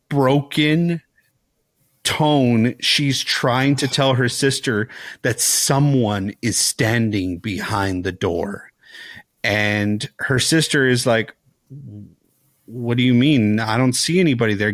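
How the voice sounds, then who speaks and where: A man on a podcast, telling a scary film scene in loose, casual chat. His delivery is animated and full of "like"s and restarts, and he keeps slipping into the characters' lines. The sound is close and dry, with no room in it. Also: medium pitch, dry recording. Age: young adult to middle-aged, a father. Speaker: podcast co-host.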